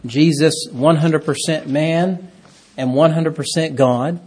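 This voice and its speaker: A man preaching a sermon, reading scripture aloud and swinging between hushed, slow phrases and raised, emphatic ones. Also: on the high side, steady tone, husky. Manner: preaching with dramatic swings from hushed to loud, stretching key phrases.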